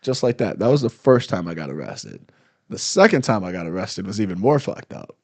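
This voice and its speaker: Man, gravelly, low voice, animated storyteller, dry close sound. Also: fairly quick, dry recording. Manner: animated storyteller, acts out angry cops loudly. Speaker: comedian guest. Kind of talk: casual storytelling chat.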